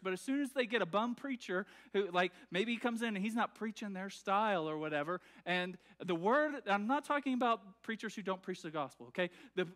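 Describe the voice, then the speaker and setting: A man's voice: sits high, fairly bright tone. A man preaching a sermon in a church, talking in a conversational way with many fillers and restarts and often checking that the congregation follows. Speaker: pastor. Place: church sanctuary.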